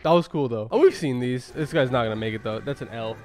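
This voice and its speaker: A man hosting a reaction video, talking casually and excitedly, firing off quick exclamations and calling everyone "bro". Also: mid-range voice, faint music behind.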